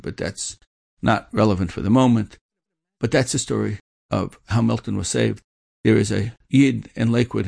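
A man's voice: lowish voice, creaky, a little mellow, slightly rough, no room sound, clean studio sound. A man telling a story in an earnest manner, repeating words for emphasis and mixing in Yiddish and Hebrew terms. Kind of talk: storytelling talk.

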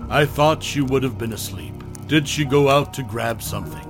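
A man's voice: medium pitch, moderate pace, music in the background, close to an everyday voice. A man voicing a sleepy young girl in a horror story reading.

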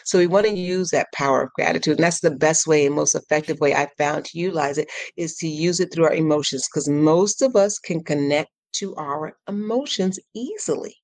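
A woman speaking as a guest on a podcast, her voice sitting a bit low and recorded dry and close. She talks with animated energy, breaks into laughter often, and jumps up into playful high tones when she acts out her own thoughts. Her speech is warm-hearted and encouraging. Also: a little fast, few pauses, no room sound. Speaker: transformational coach, podcast guest. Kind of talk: casual podcast interview.

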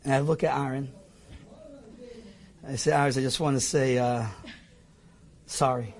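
A middle-aged man telling a personal anecdote, animated and self-mocking, acting out his own lines. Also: medium pitch, measured pace, long pauses. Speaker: storyteller. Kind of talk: personal anecdote told to an audience.

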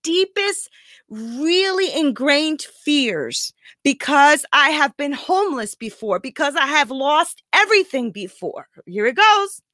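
A woman life coach speaks live to her viewers, raw and confessional, close to tears and repeatedly asking "right?". Her high-pitched voice is very animated yet slow, with a sharp tone and no room sound.

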